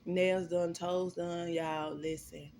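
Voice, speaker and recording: A woman's voice: lowish voice, flat delivery, slow pace, a little mellow. A young woman from Florida telling a personal story to her viewers in a candid, profane way, often calling them y'all. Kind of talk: casual storytime vlog.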